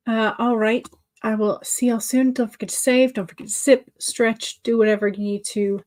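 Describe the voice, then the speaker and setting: A woman's voice: fairly high pitch, normal speed. A woman hosting a writing-sprint livestream, chatting casually and answering viewer comments with many fillers and restarts.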